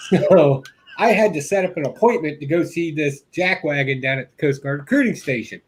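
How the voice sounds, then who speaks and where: A man's voice: fairly high pitch, huge pitch swings, moderate pace, slight background noise. A man telling a funny story in casual chat, laughing often and acting out the people he quotes. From rural upbringing. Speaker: guest.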